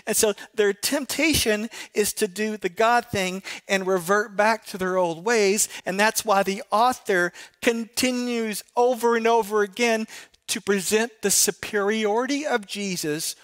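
Middle-aged male pastor, slightly high voice, chatty sermon delivery, keeps checking in with the congregation. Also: lively intonation, normal speed, a bit bright. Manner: conversational preaching with frequent rhetorical questions to the congregation. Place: church sanctuary.

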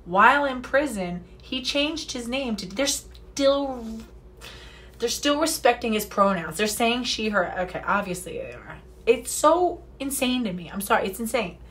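A woman's voice: fairly high pitch, sing-song, unhurried, a bit bright. A woman reading a news story aloud and breaking off into sarcastic, profane, indignant asides. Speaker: commentary vlogger.

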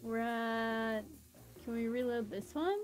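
A woman streamer commentating her own gameplay, excitable and panicky, laughing often. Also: on the high side, slow. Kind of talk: live game commentary.

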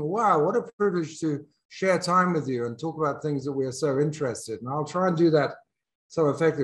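A man with an English accent giving a reflective talk as a business school dean, speaking candidly and thinking aloud with frequent restarts. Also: a little high. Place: in South Africa.

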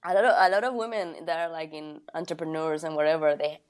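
Laughing woman comedian guest, lowish voice. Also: fairly even intonation, fast. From Argentina. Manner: laughs often, hesitant, searching for words. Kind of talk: casual chat.

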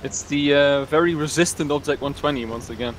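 A man chatting with teammates while playing a video game, giving quick, offhand callouts. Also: on the high side, a little hiss or hum, low-quality recording. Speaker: teammate on voice chat. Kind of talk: casual chat while gaming.

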